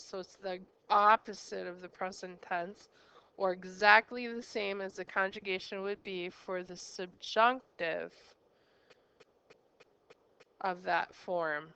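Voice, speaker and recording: A woman's voice: medium pitch, fairly even intonation, measured pace, sharp tone, smooth, highs cut off. A woman as a teacher giving a recorded grammar lesson, explaining step by step and quizzing the listener with questions. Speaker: Spanish teacher.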